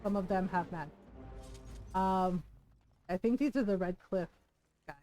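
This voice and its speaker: A woman's voice: mid-range voice, a little slow, dark tone, faint music behind, rough recording. A woman streaming a game live, chatting and giggling as she rambles about the story. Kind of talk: live gameplay commentary.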